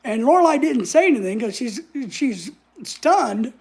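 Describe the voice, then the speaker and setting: A husky woman tells a story in a casual vlog, sassy and blunt, swearing freely. Her voice has a gravelly edge, and it sits a little high. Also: animated, measured pace, a little mellow. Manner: sassy, blunt, swears freely, acts out other people's lines. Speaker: vlogger.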